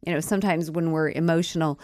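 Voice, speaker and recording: A woman with a husky, cold-roughened voice co-hosting a Christian marriage radio talk show, explaining points in a calm, conversational way into a studio microphone. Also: low-pitched, quick pace, no room sound. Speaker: radio co-host.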